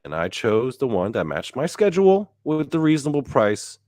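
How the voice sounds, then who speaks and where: A young man telling a story in casual chat with a friend, animated and swearing freely. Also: medium pitch, normal speed, no room sound, studio quality. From Baltimore–Washington area, US. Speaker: podcast co-host.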